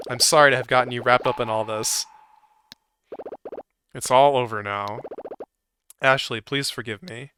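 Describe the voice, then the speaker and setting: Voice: mid-range voice, steady tone, normal speed, long pauses, pushed and bright, a little hiss or hum, lightly acted. A streamer voicing a worried father. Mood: apologetic. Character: worried middle-aged father. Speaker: streamer reading game dialogue. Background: game music.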